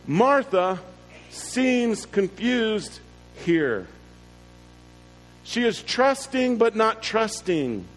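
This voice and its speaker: A pastor preaching an earnest sermon, slowing down to stress key words. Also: male voice, sits high, big pitch swings. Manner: earnest preaching with slow, drawn-out emphasis. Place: church. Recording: long reverb with faint music.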